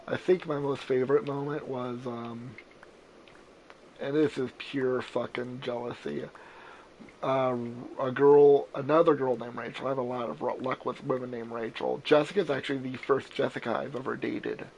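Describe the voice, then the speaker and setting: A man's voice: medium pitch, steady tone, normal speed, vocal fry, darkish tone, a little hiss or hum, low-quality recording. A man in his twenties hosting a gaming stream, telling long rambling stories with lots of swearing and self-corrections. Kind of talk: casual storytelling chat.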